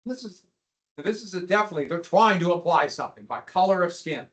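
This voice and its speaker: A man's voice: high voice, expressive, fast talker, a bit bright, rough recording. A male history teacher giving a classroom lecture, joking with his students and teasing them with questions.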